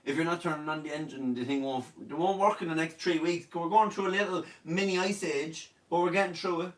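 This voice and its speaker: A man's voice: fairly high pitch, brisk. A young man with an Irish accent, sick in bed and hosting a casual live Q&A, joking and boasting as he reads out viewer comments. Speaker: online comedian hosting a live Q&A. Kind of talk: casual live-stream chat. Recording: roomy sound, distant from mic.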